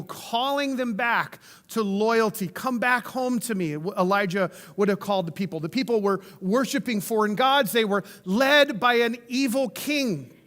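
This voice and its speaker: A high-pitched man with a bright, ringing voice preaches a sermon as a pastor. He talks in a conversational, enthusiastic way and drops casual asides as he tells the story. A long reverb from the church hall trails after each phrase. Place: church sanctuary.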